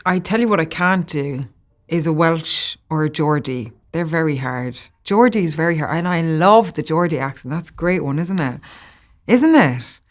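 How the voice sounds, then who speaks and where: An Irish woman in her thirties, a guest actor chatting casually in an interview, lively and often laughing. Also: low voice, moderate pace. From Ireland.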